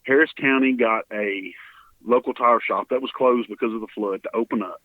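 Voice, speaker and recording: On dry, phone-like audio with no room sound, a Texan man with a mid-range voice speaks at a moderate pace. Appearing as a guest in an interview, he shares an earnest, emotional story about volunteering in relief work.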